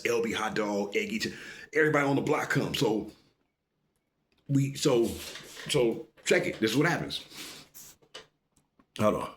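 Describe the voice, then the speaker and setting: Animated man telling a street story. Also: fairly low pitch. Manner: animated, profane, keeps saying "listen to me".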